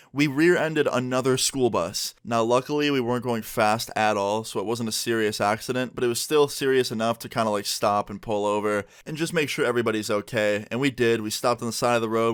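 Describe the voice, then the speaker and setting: A man's voice: mid-range voice, a bit bright, smooth, dry recording, studio quality. A young man telling a storytime tale to camera in a casual, chatty way, often checking in with the listener. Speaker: vlogger. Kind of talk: storytime narration.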